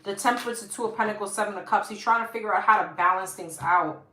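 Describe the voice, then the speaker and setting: A woman's voice: medium pitch, quick pace, sharp tone. Female tarot reader, New York accent, casual and talkative, phone mic in a roomy space. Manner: chatty, addresses viewers as girl and guys. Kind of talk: live-stream tarot reading. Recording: echoey room, faint hiss.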